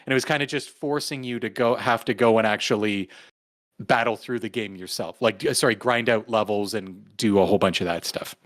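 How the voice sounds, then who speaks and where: A man's voice: on the low side, brisk, a bit bright, dry recording. Rambling male podcast co-host, dry sound. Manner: rambling, full of "like" and "um". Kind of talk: casual chat.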